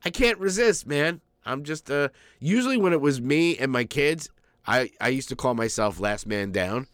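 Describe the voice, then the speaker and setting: A man's voice: medium pitch, lively intonation, moderate pace, fairly bright tone, no echo. A man co-hosting a crude casual podcast, rambling through profane stories and laughing often, a little stuffy from a cold. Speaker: podcast co-host.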